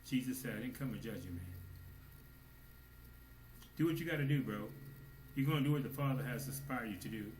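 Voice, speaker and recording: A man preaching a sermon, swinging between hushed low asides and loud exclamations, at times speaking as God in the first person. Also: fairly quick, pauses often. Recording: echoey room with faint noise.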